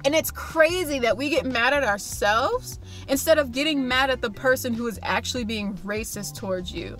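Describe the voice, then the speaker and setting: A young woman with a slightly high, bright and forceful voice tells a storytime straight to her viewers. She talks casually and animatedly, slipping into voices for the people she quotes, with soft music playing faintly behind her. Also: lively intonation, moderate pace. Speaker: vlogger telling a storytime.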